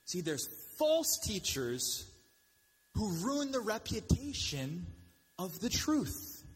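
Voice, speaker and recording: A man preaching a sermon in an animated, joking way, with quick asides and mocking voices for the people he quotes. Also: sits high, breathy edge, long reverb tail. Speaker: pastor.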